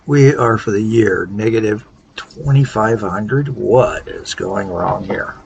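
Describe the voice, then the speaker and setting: A tired man hosting a casual game tutorial, thinking aloud in a halting, low-key way. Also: gravelly, a little hiss or hum, poor audio. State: tired, worn out. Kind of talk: casual gameplay tutorial commentary.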